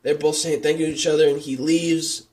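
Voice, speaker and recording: A man's voice: fairly high pitch, level tone, fairly quick, darkish tone. Earnest rambling young-sounding male reviewer. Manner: rambling, heavy on "like" and "and stuff" fillers; earnest and openly moved. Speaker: anime reviewer. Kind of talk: casual episode review vlog.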